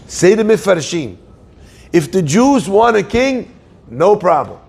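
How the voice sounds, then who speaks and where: Gravelly high-voiced man teaching a Torah class. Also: a little slow. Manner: lively, joking asides to the audience. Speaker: rabbi giving a Torah class. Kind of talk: sermon.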